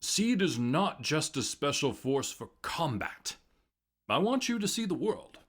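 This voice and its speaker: A man's voice: a little high, very animated, a little slow, voice pushed up. A man voicing an older male academy headmaster, speaking in a vaguely New England, Churchill-like oratorical manner. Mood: earnest, commanding.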